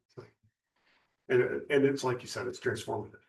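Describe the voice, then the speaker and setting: A man speaks earnestly and reflectively, pausing and restarting as he shares. His voice sits at an ordinary middle pitch. It is caught from a distance in a room with a noticeable echo. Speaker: Zen retreat participant. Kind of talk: casual group discussion.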